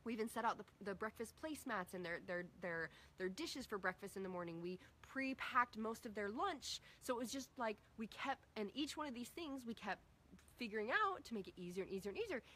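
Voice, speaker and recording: A middle-aged woman with a slightly high voice talks quickly while coaching a group on parenting. Energetic and casual, she acts out conversations with her kids.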